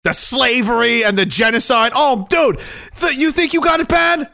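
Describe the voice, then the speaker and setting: A man's voice: very high voice, moderate pace, creaky, bright, forceful tone, no echo, studio quality. A man ranting on a livestream, heated and sarcastic, swearing often and reading out chat messages. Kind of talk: profane political rant on a livestream.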